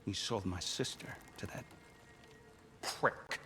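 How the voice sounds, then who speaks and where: A man's voice: on the low side, slow pace, sharp tone, soft background music. An actor playing a proud, wary male god leading rebels, with a mocking, sardonic manner. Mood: menacing.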